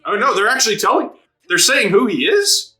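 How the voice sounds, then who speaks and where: The man's voice sits high and is very animated, brisk, pushed and bright. He's hosting an anime reaction video, casually chatting, laughing frequently, cursing, and voicing characters' lines.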